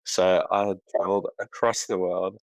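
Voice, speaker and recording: An Australian man speaks in a very low, steady voice with little rise and fall. He answers calmly and modestly, recorded close and dry. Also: no echo, dull audio. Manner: measured, modest, even. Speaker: podcast guest, account manager. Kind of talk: interview answers.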